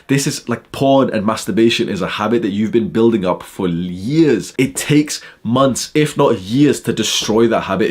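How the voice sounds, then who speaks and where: A young man giving a self-improvement talk as a heated, profane rant, full of mocking asides. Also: medium pitch. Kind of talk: ranting monologue.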